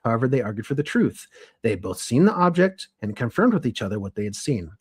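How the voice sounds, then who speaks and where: A young man co-hosting a podcast, walking listeners through a story from his notes. He talks casually and animatedly, restarting and correcting himself as he goes, in a voice of middle pitch. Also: very animated, quick pace, a little mellow, slightly rough. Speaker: podcast co-host.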